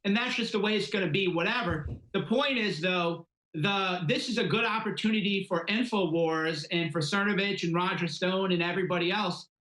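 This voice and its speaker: A man's voice: high voice, moderate pace, hardly any pauses, a bit bright, reverberant, low-quality recording. A man appearing as a guest commentator on a talk show, blunt and assertive. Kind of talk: political commentary.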